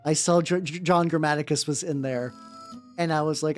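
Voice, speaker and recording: A woman streamer paints miniatures while chatting casually, rambling and blunt, full of fillers and swearing, and she pauses to greet her chat viewers. Her voice sits low with a steady tone, and faint background music plays.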